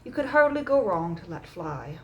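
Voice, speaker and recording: A woman's voice: on the low side, sing-song, moderate pace, lo-fi sound, a little hiss or hum. A woman voicing an earnest young man, an uneasy new recruit, asking questions in an audiobook reading.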